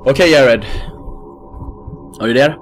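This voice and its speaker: A man's voice: mid-range voice, slow, over music. A man commentating a horror game playthrough, panicky and given to yelping and repeating himself.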